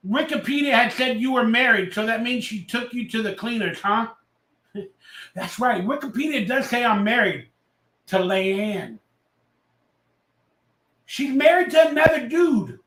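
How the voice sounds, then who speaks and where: A man hosting a casual livestream, loud and rambling, a little tipsy as he reads out chat messages. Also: very high voice, expressive, measured pace, pauses often, reverberant. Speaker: livestream host.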